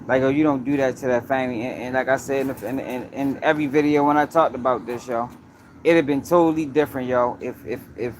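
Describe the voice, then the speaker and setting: A man's voice: medium pitch, steady tone, fast talker, slight background noise. A man hosting his own news commentary livestream, talking emphatically, repeating points and speaking straight to his viewers. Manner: emphatic, repetitive, addresses viewers directly.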